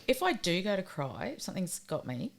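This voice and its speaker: Woman host, very low, gravelly voice, lively swings in pitch, candid and jokey. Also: a little fast. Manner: candid, self-mocking. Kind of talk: casual interview chat.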